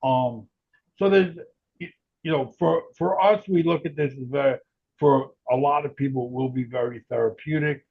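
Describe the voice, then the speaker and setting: A gravelly, husky-voiced man talks at an even middle pitch as an interview guest, explaining things in a loose, rambling way. The audio is dull and lo-fi. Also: normal speed. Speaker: guest, tech founder.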